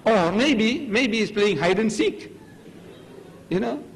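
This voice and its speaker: Older male lecturer, Gujarati native, animated storyteller with a lively pitch, recorded in an echoey hall. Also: takes it slowly, a little hiss or hum. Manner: animated storytelling, acting out dialogue. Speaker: religious lecturer. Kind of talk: public religious lecture.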